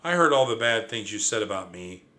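A man's voice: lowish voice, animated, brisk, bright, forceful tone. A man voicing an impatient, irritating male mouse cousin in a brash, teasing manner in a storybook reading.

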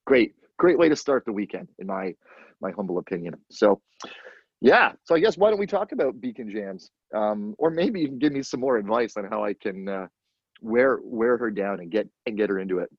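Male podcast host, low husky voice, animated storyteller, dull dry recording. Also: fairly quick, no room sound. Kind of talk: casual podcast chat.

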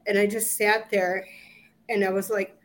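A middle-aged woman, an interview guest, recounting a personal ordeal in a halting way with restarts and quoted asides. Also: mid-range voice, little pitch movement. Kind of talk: emotional personal recollection.

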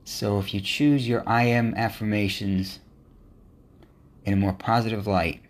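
A man's voice: lowish voice, steady tone, measured pace. A man hosting a motivational podcast, speaking in an earnest, encouraging monologue. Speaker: podcast host.

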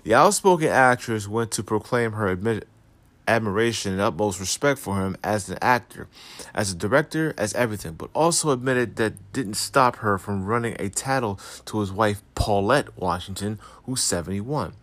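A man talks through celebrity gossip in a fairly low voice, reading articles aloud. He drops sarcastic, profane asides between the quotes. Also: expressive, normal speed, fairly bright tone. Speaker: commentary host. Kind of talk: casual celebrity gossip commentary.

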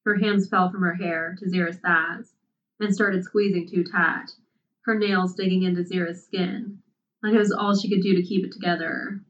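A woman reading a story aloud as narrator, in a slow, measured delivery. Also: fairly low pitch, level tone. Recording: distant, dull lo-fi mic.

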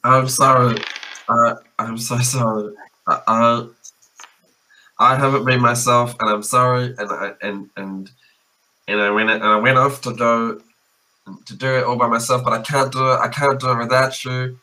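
A man's voice: mid-range voice, little pitch movement, moderate pace, sharp tone, poor audio. A man playing a small male bard who stammers through earnest apologies. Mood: apologetic.

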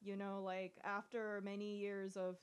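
A woman chatting casually as a podcast co-host, reflective and quick to laugh. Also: medium pitch, monotone, smooth. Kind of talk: casual chat.

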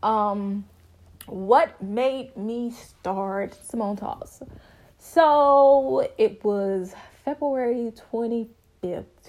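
A young woman hosts her own podcast, telling her story in a bubbly, chatty, casual way. She's expressive, her pitch suddenly leaping high.

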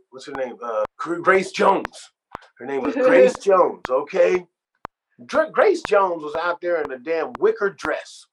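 Older man telling lively stories, noisy recording. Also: mid-range voice, unhurried. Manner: animated storyteller, acts out quoted voices. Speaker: guest singer. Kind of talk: casual interview storytelling. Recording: noisy background hiss.

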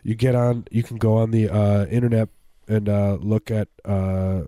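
Mellow-voiced joking podcast co-host man. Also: lowish voice, level tone, moderate pace, dry recording, studio quality. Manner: rambling, joking, easily amused. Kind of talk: casual chat.

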